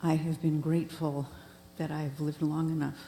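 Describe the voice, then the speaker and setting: A low, gravelly woman with a flat, dark tone offers a halting, sincere comment from the audience. The sound is roomy with a long hall echo and a mains hum behind it. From California. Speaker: audience member.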